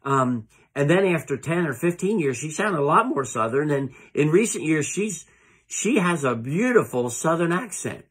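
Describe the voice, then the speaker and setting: A middle-aged man preaching a sermon as a pastor, earnest and halting, often repeating words as he goes. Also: on the high side, sing-song, slightly rough. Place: church sanctuary.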